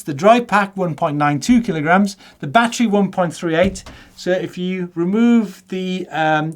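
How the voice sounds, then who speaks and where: A middle-aged man hosting a studio chat show, joking and reading out viewer comments. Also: sits high. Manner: jokey, reads out viewer comments. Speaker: show host.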